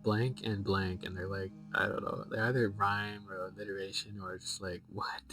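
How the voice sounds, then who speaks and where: A man's voice: on the low side, little pitch movement, moderate pace, a bit bright, distant mic, faint music behind, poor audio. A man streaming a game, reading a book from it aloud and breaking off into amused, rambling asides.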